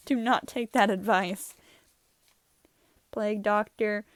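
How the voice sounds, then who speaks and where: A woman's voice: medium pitch, slow pace, pauses often, dry recording. Chatty young woman reviewing her old sketches. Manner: chatty, rambling, laughs often. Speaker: channel host. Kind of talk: casual art review chat.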